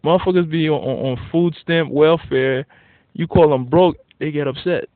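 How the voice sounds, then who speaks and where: A male vlogger with a fairly high-pitched voice speaks at a normal speed, delivering a blunt, profane casual rant that gets animated when he's worked up. The recording is dry, thin, and lo-fi, with a tinny phone-like quality.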